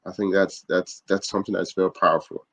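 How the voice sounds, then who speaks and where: A man hosting a podcast interview, affirming his guest and asking halting, repetitive questions. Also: low-pitched, flat delivery, vocal fry, a bit bright, no echo. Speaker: podcast host.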